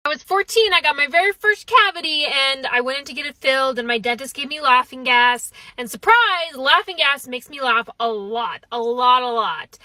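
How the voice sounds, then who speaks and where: A woman narrates comic personal anecdotes in a high, bright voice. Her delivery is wry and animated, with quotes acted out. The sound is dry and close. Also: no room sound. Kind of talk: storytelling voice-over.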